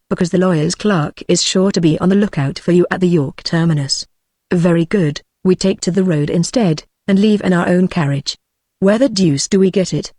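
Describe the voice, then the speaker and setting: A text-to-speech woman's voice with a British English accent, reading a classic novel aloud at a steady, measured pace without voicing the characters. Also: fairly low pitch, no room sound, studio quality. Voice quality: synthetic, evenly paced. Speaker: audiobook narrator.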